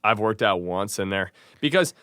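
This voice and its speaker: Laid-back bright-voiced man from Chicago. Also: lowish voice, animated, normal speed, clear, resonant tone, dry recording, clean studio sound. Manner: laid-back, agreeable, says "dude" a lot. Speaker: podcast guest. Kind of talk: casual chat.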